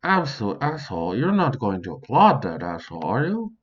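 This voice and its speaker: A man's voice: medium pitch, wildly swooping pitch, a little fast, muffled recording, heavy background noise. A man hosting a casual solo podcast, swearing freely and speaking to an imagined audience, recorded at home. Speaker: podcast host. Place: home near a sink.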